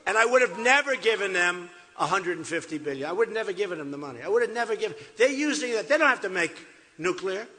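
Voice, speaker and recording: Emphatic older man, high and lively. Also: fast. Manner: emphatic, repetitive, off-the-cuff. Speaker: political candidate. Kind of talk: campaign rally speech. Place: large resort hall. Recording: echoey hall.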